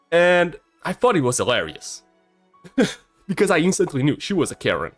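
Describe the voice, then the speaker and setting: Lively, stammering young man streamer. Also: fairly high pitch, fairly quick, soft background music. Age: early 20s. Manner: shy and stammering, with a swinging, lively delivery. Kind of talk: casual storytelling on a live stream.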